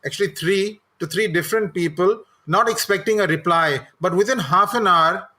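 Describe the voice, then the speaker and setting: A man's voice: high voice, moderate pace, pushed and bright. A middle-aged man, a guest telling candid, self-deprecating personal anecdotes. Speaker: guest, communications executive and coach.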